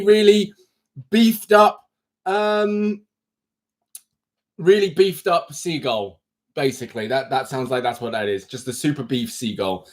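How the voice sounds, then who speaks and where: Male live-stream host with a slightly high voice, rambling and self-mocking at his home desk. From United Kingdom. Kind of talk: casual live-stream chat. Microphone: phone.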